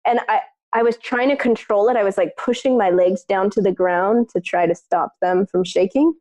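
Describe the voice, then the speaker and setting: A woman co-hosting a podcast, telling a personal story in casual chat, lively and peppered with "like", acting out what others said. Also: mid-range voice, moderate pace. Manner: animated, acts out other people's lines in the story; frequent filler "like". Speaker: podcast co-host.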